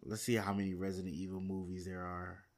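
Casual, rambling man with a low voice. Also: monotone, quick pace. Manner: rambling, thinks aloud with many fillers and restarts. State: a little tired. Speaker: movie news vlogger. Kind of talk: casual chat to camera.

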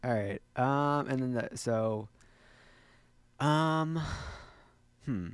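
A man's voice: mid-range voice, drawn-out words, clear, resonant tone, dry recording. A man co-hosting a podcast, chatting casually and hesitantly, with many fillers and restarts. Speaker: podcast co-host. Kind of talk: casual chat.

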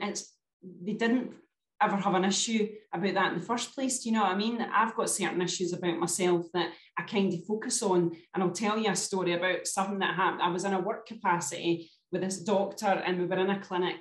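A woman talks as a podcast guest, chatty and storytelling, checking in with her listener as she goes. Her voice sits at a middle pitch. The recording is roomy, with a clear echo around her. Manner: chatty storyteller, often adds "do you know what I mean". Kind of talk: casual chat.

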